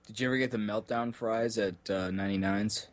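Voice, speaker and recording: A man's voice: lowish voice, steady tone. Joking young male podcast co-host. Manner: joking, teasing, quick comic riffs. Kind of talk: casual chat.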